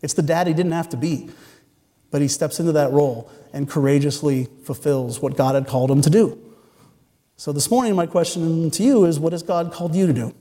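A male pastor preaching a Sunday sermon in a church sanctuary. His voice sits fairly high for a man and carries a long hall reverb. He retells the story earnestly and drops in wry jokes. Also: brisk, dark tone. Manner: earnest, storytelling, with joking asides.

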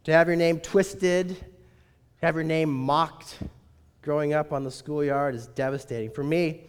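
A man's voice: on the high side, fairly even intonation, unhurried, clear, resonant tone. A male pastor preaching a sermon in a conversational, wry manner, often asking rhetorical questions. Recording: reverberant hall.

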